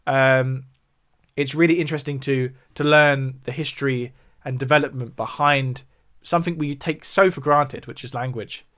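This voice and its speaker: A man's voice: mid-range voice, steady tone, normal speed, fairly bright tone. Southern english guy hosting a livestream, explains stuff, chats back to the viewers. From south of England. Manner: explanatory, reacts to viewer chat between points. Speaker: music YouTuber hosting a livestream. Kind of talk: casual livestream chat.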